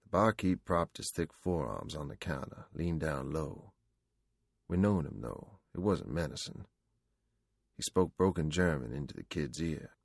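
A man narrating an audiobook in the first person, in a slangy, vernacular storytelling manner. His voice is very deep and gravelly, recorded close and dry. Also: a little slow, no echo.

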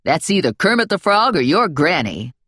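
Brash, sassy sidekick gal voiced by a woman narrator, slangy wisecracks, bouncy pitch, close dry sound. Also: big pitch swings, normal speed, fairly bright tone, slightly rough, no echo, full character voice. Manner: brassy, wisecracking, slangy talk.

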